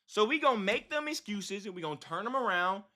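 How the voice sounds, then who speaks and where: A man leads a casual Bible study, reading verses and then retelling them in loose, slangy street talk. His voice sits high and bright and swings widely in pitch. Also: fairly quick. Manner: slangy, animated paraphrasing of scripture.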